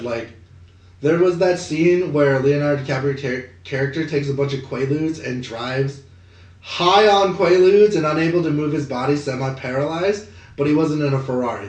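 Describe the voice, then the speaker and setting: A man co-hosting a podcast, chatting casually about movie news, animated and profane, with lots of filler words. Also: fairly high pitch. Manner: swearing, animated, many "like" fillers. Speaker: podcast co-host. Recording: echoey room.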